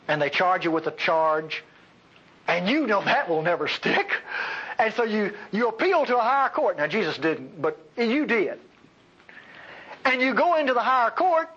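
A male preacher giving a sermon, emphatic, swinging between loud outbursts and quiet asides, on a dull lo-fi recording. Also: high-pitched, husky.

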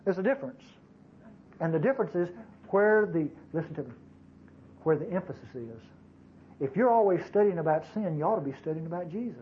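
A man's voice: sits high, lively intonation, fairly quick, highs cut off. A man preaching a sermon to his congregation in a folksy, conversational way, with frequent asides to the listeners. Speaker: pastor.

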